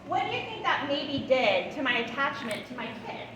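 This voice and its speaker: A middle-aged woman gives a training talk on attachment to foster and adoptive parents, often checking in with "right?" and acting out gentle words to a child. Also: high-pitched, very animated, normal speed. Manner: tags lines with "right?" and "all right?"; acts out soothing words to a child. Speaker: guest speaker on attachment. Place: large hall. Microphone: room mic far from the speaker. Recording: echoey hall from far off, noisy.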